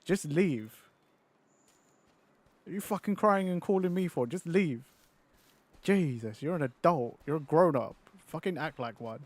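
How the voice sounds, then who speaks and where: An impatient mother snapping at her grown son, in a man's impression, blunt and curt. The voice stays close to his own, only a touch higher and sharper. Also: expressive, unhurried, pauses often, no echo. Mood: scolding. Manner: curt and scolding.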